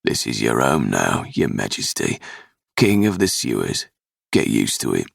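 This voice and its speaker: Man doing a huge bear of a thug, super low gravelly growl, mean and mocking. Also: very animated, unhurried, no echo, studio quality, exaggerated voice. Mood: menacing. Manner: gruff and mocking. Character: big brutish bearish male kidnapper.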